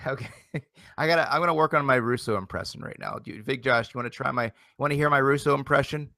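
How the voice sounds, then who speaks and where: A man's voice: medium pitch, fast, gravelly, sharp tone, no room sound. A man hosting a casual live internet talk show, rambling and repeating himself with energy. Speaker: host. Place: home near Philadelphia.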